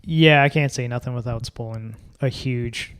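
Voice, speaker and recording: A podcast co-host chats casually about films, swearing freely and making offhand remarks. His medium-pitched voice is smooth and a bit bright, and he talks at a normal speed.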